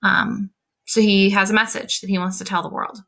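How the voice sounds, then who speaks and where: A woman teacher casually walks a class through a novel, reading passages aloud and chatting with lots of "um" and "like" fillers. Her mid-range voice is fairly bright, with vocal fry, a flat delivery and a moderate pace.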